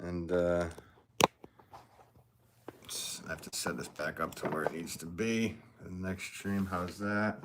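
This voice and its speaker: A man's voice: low voice, flat delivery, a little slow, long pauses, very noisy. A man, a potter, chatting casually on a livestream and greeting viewers by name in a rambling, easygoing way.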